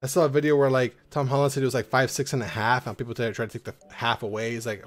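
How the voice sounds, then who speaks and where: A man vlogging as he opens trading card packs at home. He rambles, swears freely and now and then breaks into loud, excited whoops. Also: medium pitch, quick pace, hardly any pauses. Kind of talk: casual rambling vlog. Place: at home in an apartment.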